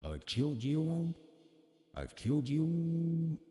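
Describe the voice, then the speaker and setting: A man speaking through an AI voice changer that turns him into a deep male narrator voice, chatting casually and fumbling over his words. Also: sing-song, takes it slowly, warm tone, big-room sound. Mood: amused. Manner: self-mocking, amused, fumbling over words. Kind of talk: casual live-stream chat.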